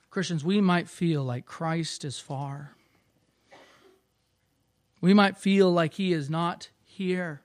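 A male pastor delivers a sermon in an earnest, storytelling way, with a slightly high-pitched voice. He pauses and restarts as he builds his point. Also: no echo.

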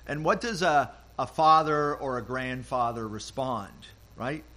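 An older man delivering a sermon, taking his time over each phrase. He speaks gently and acts out short quotes in a softer voice. His pitch sits in a mid range. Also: a little slow. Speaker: pastor.

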